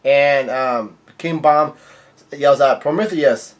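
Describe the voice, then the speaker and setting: Male comic reviewer, rambling casual recap, fairly high voice. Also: normal speed. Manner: rambling, many fillers and restarts. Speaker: manga reviewer.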